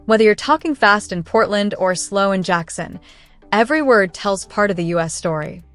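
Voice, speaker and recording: Female narrator, mid-pitched, polished scripted read, faint music bed. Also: lively intonation, normal speed, fairly bright tone. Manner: smooth, evenly paced read with no fillers. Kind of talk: scripted documentary-style narration.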